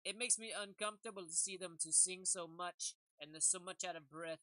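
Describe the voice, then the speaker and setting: A woman's voice: on the low side, steady tone, fairly quick, pushed and bright, no room sound, rough recording. A woman giving a rambling comedic monologue, jokey and laughing often. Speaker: comedic commentator.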